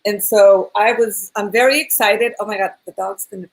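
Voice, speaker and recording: A woman's voice: medium pitch, steady tone, moderate pace, low-quality recording. A woman co-hosting a casual interview show, chatty and laughing often. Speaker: talk show co-host. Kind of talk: casual video-call interview.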